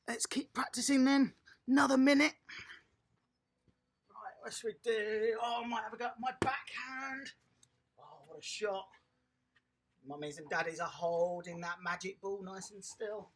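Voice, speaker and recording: A toddler tennis coach leading a lively online lesson for small children, upbeat and encouraging, praising each child by name. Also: medium pitch, measured pace, long pauses.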